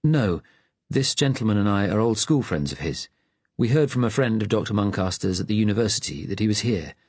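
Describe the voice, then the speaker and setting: A man voicing a careful, polite man making a secret visit, measured and courteous, choosing each word. The voice is low and husky, recorded close and dry. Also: animated, a little mellow, no room sound.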